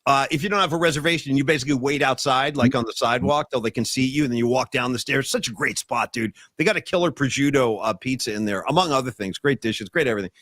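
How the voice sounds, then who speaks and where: A man hosting a podcast, telling stories in a casual, animated way and acting out his own yelling. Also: medium pitch, fast, few pauses, no echo, studio quality. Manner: animated storytelling, acts out yelling. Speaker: podcast host. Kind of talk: casual chat.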